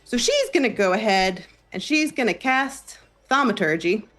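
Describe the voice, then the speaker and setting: A woman playing a tabletop role-playing game, lively and playful, laughing often. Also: on the high side, moderate pace. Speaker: player. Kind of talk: tabletop role-play, animated in-character talk.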